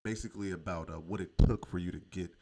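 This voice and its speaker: A man with a very low voice hosts a radio interview. He asks his questions in an easygoing way, with plenty of "uh" and "um" and warm affirmations of what his guest says. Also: fast, vocal fry, breathy edge. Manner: relaxed, affirming interviewer with many fillers. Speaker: radio show host. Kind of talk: casual interview.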